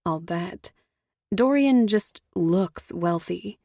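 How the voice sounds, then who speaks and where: Female audiobook narrator, first person, measured and wry, close dry mic. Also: mid-range voice, no room sound.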